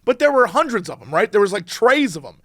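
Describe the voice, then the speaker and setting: Guy cohosting a podcast, high voice jumping all over, dry close sound, laughs a lot. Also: fast talker, no room sound. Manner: animated, laughing storyteller. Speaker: podcast co-host. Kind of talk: casual chat, storytelling.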